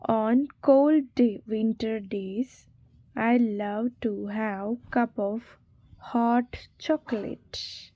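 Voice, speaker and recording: A woman's voice: a little high, steady tone, extremely slow, no room sound, lo-fi sound. A woman reading exam quiz questions and answers aloud, spelling words out letter by letter. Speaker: exam revision narrator.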